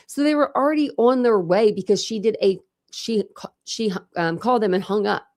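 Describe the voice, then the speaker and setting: A woman's voice: mid-range voice, animated, normal speed, gravelly, a little mellow. A woman hosting a true crime channel, chatting casually and thinking aloud as she reads out records. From Ohio. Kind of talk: casual case discussion, reading out records.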